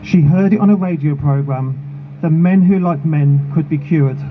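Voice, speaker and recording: At a protest, a charity founder gives a prepared outdoor rally speech in a fairly high voice, measured and emotional. The audio is narrow and phone-like, with street noise and passing vehicles clearly audible beneath him.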